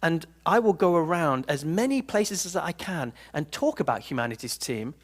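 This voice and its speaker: A man giving a live seminar talk to an audience in a room, telling stories in an animated, playful way. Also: fairly high pitch, moderate pace. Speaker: personal development speaker.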